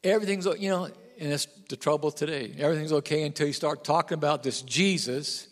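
A man's voice: fairly high pitch, fast, in a large hall. A male pastor preaching a sermon, stressing points by repeating them and asking the congregation questions. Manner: animated, repetitive emphasis, asks the congregation questions.

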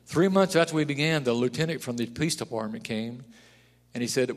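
A pastor preaching a sermon, telling stories and rising to loud, emphatic declarations. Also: male voice, mid-range voice, moderate pace. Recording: long hall reverb.

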